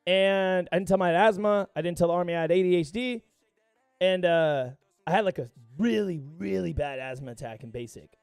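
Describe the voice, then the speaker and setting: A man's voice: high-pitched, brisk, smooth, no echo, faint music behind. A young man streaming live, chatting casually with viewers and telling a rambling story full of profanity. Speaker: gaming livestreamer.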